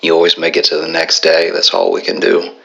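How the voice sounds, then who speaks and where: A gravelly, bottom-of-the-chest voice that barely moves in pitch, as a male comic puts on an earnest friend calling to say goodnight. It sits cutting and bright despite the depth, with a slow, soft and sincere delivery. Heard in an echoey hall. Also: monotone, muffled recording, full character voice. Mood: tender. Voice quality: gravelly, very deep. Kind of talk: stand-up bit voice.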